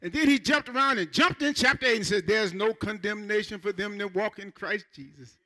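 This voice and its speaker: Male pastor, high voice, very bright tone; lively sermon delivery with playful asides. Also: fairly quick. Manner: animated preaching with playful asides and acted quotes. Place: church.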